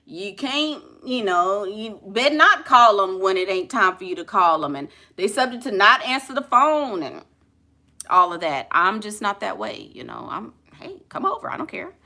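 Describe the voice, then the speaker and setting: A woman's voice: medium pitch, sing-song, moderate pace, bright, forceful tone. A woman with a New Orleans accent giving blunt, sassy relationship advice in a casual, colloquial way. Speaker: relationship coach.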